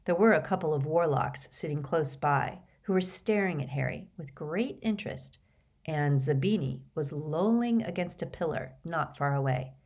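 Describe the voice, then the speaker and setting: A woman reading an audiobook aloud with a lively delivery. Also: low voice, normal speed. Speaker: audiobook narrator.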